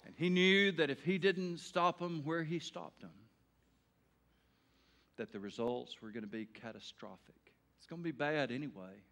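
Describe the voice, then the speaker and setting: A middle-aged male pastor preaching an evening sermon in a folksy way, swinging between loud emphatic bursts and quiet earnest talk. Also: on the high side, normal speed.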